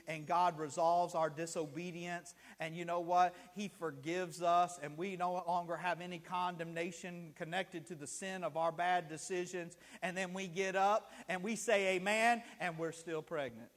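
A man's voice: high-pitched, fairly even intonation, normal speed, few pauses, fairly bright tone, in a large hall. A man preaching a sermon as pastor, telling stories and acting out the people in them. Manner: storytelling preacher, acts out scenes with rising emotion. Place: church sanctuary.

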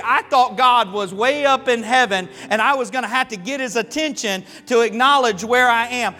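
Southern pastor guy, high voice, folksy funny sermon, long church echo + faint music behind. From Florida, American South. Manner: folksy, humorous, animated storytelling. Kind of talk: sermon with storytelling. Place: church sanctuary.

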